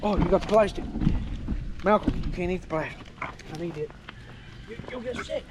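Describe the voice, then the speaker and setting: Excitable high-voiced man outdoors. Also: brisk. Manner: excitable, laughs a lot, coaxing. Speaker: vlogger feeding his pig. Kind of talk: casual outdoor vlog chatter. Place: outdoors on a rural homestead. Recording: loud outdoor noise.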